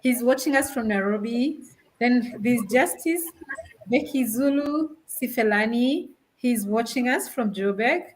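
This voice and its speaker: A woman's voice: a little high, a little slow, poor audio. A woman from Africa hosting a live-streamed talk show, chatty, laughing often as she reads out greetings from viewers. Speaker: host.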